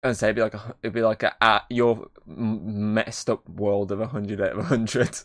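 A man's voice: on the low side, flat delivery, moderate pace, fairly bright tone. Rambling young man reviewing a film. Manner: rambling, lots of fillers and swearing. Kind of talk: casual podcast chat.

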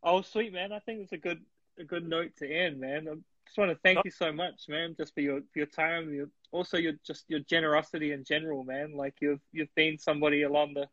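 A man's voice: a little high, steady tone, fairly quick, fairly bright tone, no room sound. A male host wrapping up a casual chat, friendly and thankful, calling his guest bro and man. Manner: friendly, grateful, says bro and man a lot. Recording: dull, dry lo-fi recording.

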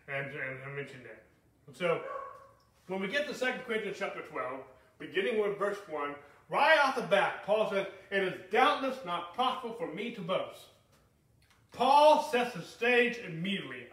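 A male preacher delivers an emphatic sermon in a fairly high voice. He often pauses to check in with his listeners and repeats points to drive them home. The sound is roomy and echoey, with the voice set back from the microphone. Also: pushed and bright, far from the mic.

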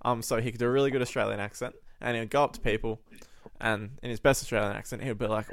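A man's voice: medium pitch, fairly even intonation, rapid-fire, a bit bright, no echo. A man in his early twenties co-hosting a podcast on a voice call, telling long rambling anecdotes full of ums. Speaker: podcast co-host. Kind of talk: casual chat. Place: online voice call.

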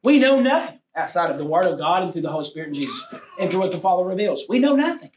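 High-voiced male preacher in an echoey room. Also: animated, fast, highs cut off, a little hiss or hum. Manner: swings from loud exhortation to low confiding tones. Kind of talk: sermon. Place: church room with a congregation. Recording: echoey room, heard from a distance.

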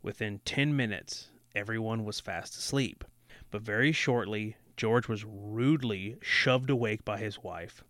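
A man's voice: on the low side, a little slow, fairly bright tone, no echo. A man co-hosting a podcast, reading a horror book aloud with sarcastic, swearing asides. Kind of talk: casual reading with snarky asides.

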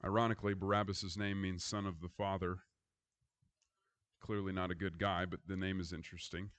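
A middle-aged man who is a pastor, preaching a sermon with hushed, reflective stretches and rising, emphatic storytelling. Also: deep voice, flat delivery, brisk.

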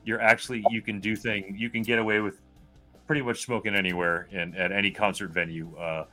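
Man, casual podcast co-host, bright clear tone, loose swearing chat. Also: lowish voice, flat delivery, fairly quick, faint music behind. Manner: laid-back, swearing, restarts sentences.

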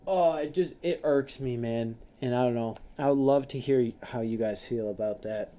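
A young man hosting a casual podcast chat, telling stories in an animated way, swearing and breaking into acted-out quotes. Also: medium pitch, normal speed. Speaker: podcast host.

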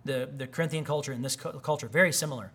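A male pastor delivers a conversational, animated sermon, sharing personal stories and acting out the voices of the people he quotes. His voice is medium in pitch and racing.

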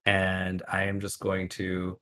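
A man's voice: low voice, monotone, takes it slowly, a bit bright. A man co-hosting a podcast, telling a story in a chatty, loose way and correcting himself as he goes. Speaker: podcast co-host. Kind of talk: casual storytelling.

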